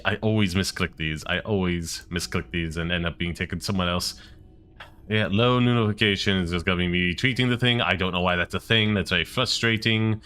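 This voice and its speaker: A man streaming a game, chatting casually and wryly, quick to rant about what annoys him. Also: low-pitched, bright, forceful tone, smooth. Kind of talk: casual gameplay commentary. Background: game music.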